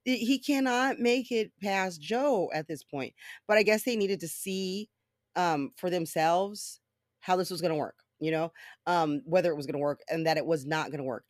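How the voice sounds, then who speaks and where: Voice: mid-range voice, moderate pace, dry recording, clean studio sound. A podcast host in a casual solo monologue, swearing freely and rambling through stories.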